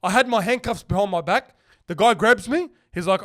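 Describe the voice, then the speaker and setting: Fast-talking young guy telling stories. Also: high voice. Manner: animated storytelling, acts out other people's lines, swears freely. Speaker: podcast host. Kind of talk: casual podcast chat.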